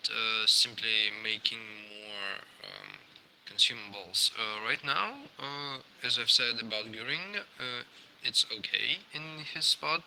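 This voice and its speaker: A man's voice: medium pitch, vocal fry, sharp tone, a little hiss or hum, poor audio. A man answering a balance question with many hesitations. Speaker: game designer.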